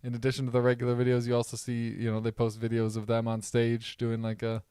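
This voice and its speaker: A young man from the American Midwest with a Midwest accent, co-hosting a podcast in relaxed, rambling casual chat. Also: mid-range voice, fast talker, clear, resonant tone, no room sound, studio quality. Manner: relaxed, rambling, laughs often. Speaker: podcast co-host.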